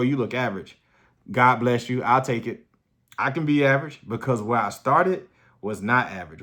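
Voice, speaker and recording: Man, blunt and profane, hyped-up motivational vlog talk, mid pitch. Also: a bit bright. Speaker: fitness vlogger. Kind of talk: casual motivational monologue.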